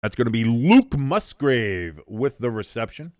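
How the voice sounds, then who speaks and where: A man hosting a live watch-along stream, calling plays casually, reading out chat and cracking jokes with loud excited bursts and swearing. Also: mid-range voice, measured pace, dry recording. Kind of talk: casual play-by-play commentary.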